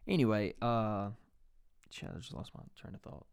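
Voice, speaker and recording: A man's voice: lowish voice, moderate pace, vocal fry, darkish tone, clean tone, no echo. A young man hosting a podcast, telling a rambling, profane story in casual chat. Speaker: podcast host.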